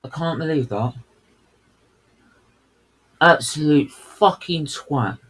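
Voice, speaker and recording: Co-hosting a race watchalong, a man rants heatedly and swears at the drivers in fuming outbursts of live commentary. His voice is fairly high, expressive, a bit bright and husky, and he speaks slowly. The recording quality is low.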